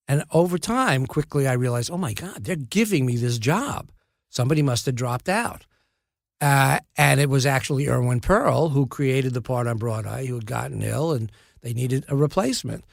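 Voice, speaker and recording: A gravelly-voiced man in his seventies spins a wry, self-deprecating story about his early acting work. He talks at an everyday pitch, with restarts and dry humor. The sound is close and dry, with no room echo. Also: expressive, normal speed. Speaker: actor, podcast guest. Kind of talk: casual anecdotal storytelling.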